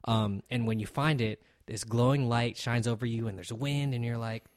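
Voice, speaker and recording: A young man hosting a casual chat, telling stories excitably and swearing freely. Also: mid-range voice, moderate pace, no echo, clean studio sound.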